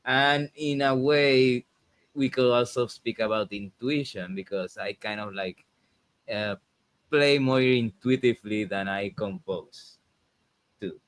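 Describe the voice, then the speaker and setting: A man's voice: medium pitch, slow, no room sound. A man hosting a casual conversation, reflective and thinking aloud with frequent restarts. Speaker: host and composer.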